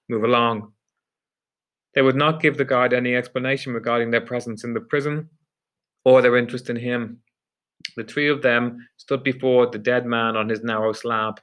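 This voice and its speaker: Measured male storyteller. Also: medium pitch, fairly bright tone. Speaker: narrator. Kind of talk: audiobook reading.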